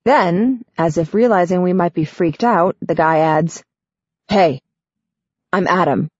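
A woman narrating a story in first person for an audiobook, steady and clear. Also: on the low side, measured pace, dry recording. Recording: dull, dry studio sound.

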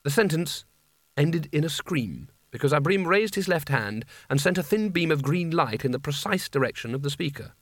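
A man's voice: a little high, expressive, normal speed, dry recording. A man narrating a comic fantasy audiobook in a dry, wry storytelling manner. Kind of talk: scripted narration.

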